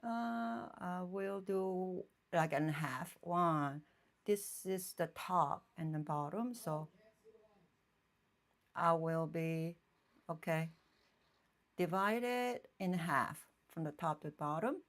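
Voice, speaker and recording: A woman painter chatting casually on a live stream from her home painting room, thinking aloud in halting phrases and often checking in with her viewers. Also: fairly low pitch. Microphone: phone streaming live.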